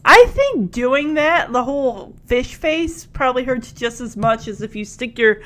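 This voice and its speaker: Chatty high-voiced woman recapping a show. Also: animated, a bit bright. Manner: chatty, giggly, acts out quotes in quick voices. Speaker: TV episode recapper. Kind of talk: casual recap commentary.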